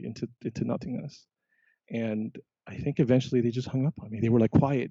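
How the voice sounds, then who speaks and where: A man recounts his adventures in a relaxed podcast chat, animated and often acting out his own past words. His voice has a gravelly, mellow grain. The recording sounds dull and lo-fi. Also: medium pitch, fairly quick, dry recording. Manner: animated, quotes himself often. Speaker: podcast guest, biologist. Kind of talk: casual storytelling.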